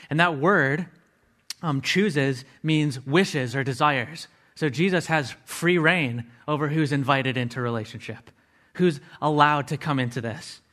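A man's voice: on the high side, fairly bright tone. A man preaching a sermon, earnestly explaining word meanings step by step and adding casual asides to his listeners.

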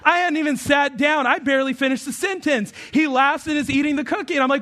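A man's voice: very high-pitched, fast, hardly any pauses, pushed and bright. A pastor in his thirties preaching an Easter sermon in a conversational, humorous way, telling stories and rising into emphatic points.

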